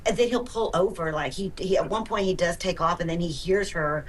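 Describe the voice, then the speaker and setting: A woman's voice: on the low side, a little fast. A woman commentator intensely retelling courtroom details. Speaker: trial commentator. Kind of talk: recounting courtroom audio. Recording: distant broadcast audio with faint background noise.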